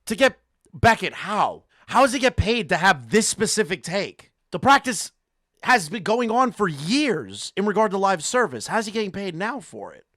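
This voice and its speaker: A man hosting a reaction stream, excitable and swearing, shouting in disbelief at a clip. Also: sits high, normal speed, no room sound, studio quality. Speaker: streamer host.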